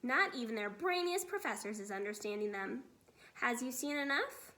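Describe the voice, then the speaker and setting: Gentle big friendly giant read by a woman, soft and whispery, talks in muddled grammar, storybook read-aloud. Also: a little high, lively intonation, moderate pace, a little hiss or hum.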